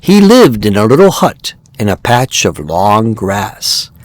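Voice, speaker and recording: A man reading a children's animal story aloud, slowly and expressively, as a podcast host. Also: lowish voice, no room sound. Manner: slow and expressive. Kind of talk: storybook narration.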